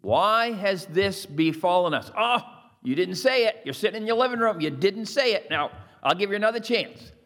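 A man's voice: sits high, expressive, fairly quick, fairly bright tone. A male pastor preaching a sermon, reading scripture with rising emphasis and asking his listeners to repeat phrases after him. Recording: long hall reverb.

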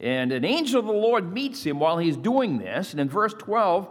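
A man's voice: on the high side, very animated, moderate pace, few pauses, fairly bright tone. Man preaching in a reverberant hall. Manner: preaching with rising emphasis on scripture readings; urging listeners to repeat phrases. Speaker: pastor. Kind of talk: sermon.

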